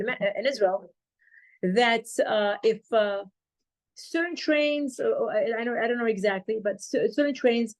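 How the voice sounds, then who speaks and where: A woman teaching a Torah class, retelling a story with lively acted-out dialogue. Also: on the high side. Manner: animated retelling, acting out quoted dialogue.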